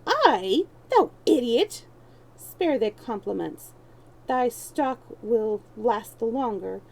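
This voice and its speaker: A woman's voice: on the high side, very animated, slow pace, vocal fry, a little mellow, a little hiss or hum, exaggerated voice, low-quality recording. A woman voicing a proud boy king in rags, speaking stiffly and scornfully in archaic speech.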